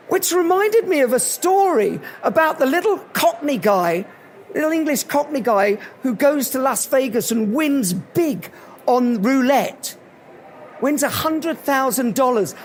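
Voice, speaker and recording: A man giving a live motivational talk at an event, telling animated anecdotes. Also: very high voice, a little slow, a little hiss or hum. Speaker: motivational speaker.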